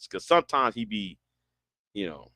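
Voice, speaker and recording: Bright, stammering man talking casually. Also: fairly low pitch, big pitch swings, normal speed, dry recording, studio quality. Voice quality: stammering, many restarts. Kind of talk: casual rambling commentary. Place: Houston, Texas.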